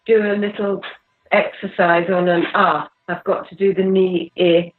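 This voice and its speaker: A voice student answering the teacher in hesitant, halting replies. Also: mid-range voice, little pitch movement. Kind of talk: lesson conversation. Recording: echoey, tinny phone-like line.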